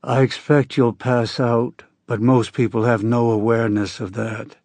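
Man doing a calm, measured older man. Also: mid-range voice, dry recording. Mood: calm, soothing. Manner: slow, measured, reassuring. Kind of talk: audiobook character voice.

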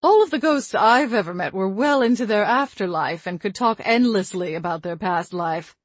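A woman's voice: mid-range voice, lively intonation, normal speed, no room sound, close to an everyday voice. A woman voicing an old grandmother spirit trapped in a locket, fussy and chatty. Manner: chiding, chatty and scatterbrained.

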